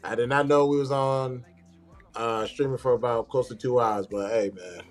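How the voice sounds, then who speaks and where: A man's voice: medium pitch, fairly even intonation, moderate pace, faint music behind. A man co-hosting a live podcast, laid-back and slangy. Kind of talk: casual livestream chat.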